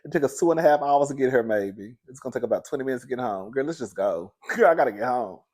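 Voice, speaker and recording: A man's voice: mid-range voice, lively intonation, quick pace, a little mellow. A young man recapping a reality show in casual, sassy commentary, laughing often and calling the listener "girl".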